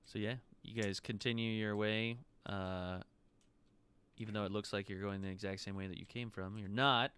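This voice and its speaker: A man narrating as game master of a tabletop game, relaxed, with hesitant restarts. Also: fairly low pitch, normal speed, clean tone.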